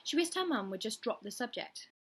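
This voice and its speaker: A woman reading a novel aloud in a steady, measured narration. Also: a little high, husky. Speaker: reader.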